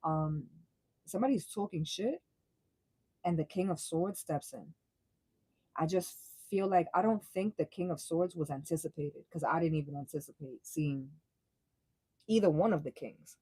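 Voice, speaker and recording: Young woman, tarot reader on a live stream; mellow, slangy, swears freely, dry close sound. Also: deep voice, moderate pace, slightly rough, no room sound, poor audio. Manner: blunt, profane, slangy and laughing. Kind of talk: casual live tarot reading.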